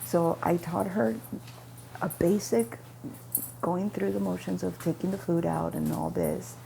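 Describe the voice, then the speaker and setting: A woman's voice: fairly low pitch, steady tone, unhurried, gravelly, mellow, slight background noise. A woman vlogger telling a casual story about her day, rambling, backtracking and correcting herself mid-sentence. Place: at home with her dog nearby.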